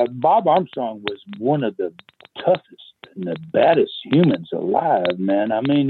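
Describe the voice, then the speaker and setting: A man's voice: medium pitch, slight background noise. An older man telling wrestling-era stories in a rambling way, with many fillers and chuckles, over a tinny phone line. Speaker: interview guest, veteran wrestling promoter. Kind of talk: phone interview storytelling.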